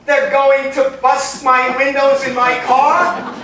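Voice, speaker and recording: An actor playing a loud, sarcastic rich man at a party in a live stage comedy. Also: very high voice, little pitch movement, slow pace, a little hiss or hum, heavily acted. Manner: sarcastic, complaining. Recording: echoey stage sound from a distant mic. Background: audience laughter.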